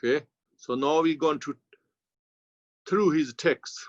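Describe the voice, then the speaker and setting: A man with a Tibetan accent, a Buddhist teacher giving a slow, halting dharma commentary in non-native English. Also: a little high, no echo. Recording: dull, lo-fi sound.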